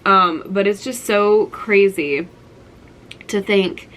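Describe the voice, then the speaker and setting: A woman's voice: medium pitch, takes it slowly, a bit bright, rough recording. Gushing young woman vlogger. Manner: gushing, nostalgic, full of "like". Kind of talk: casual show-and-tell vlog.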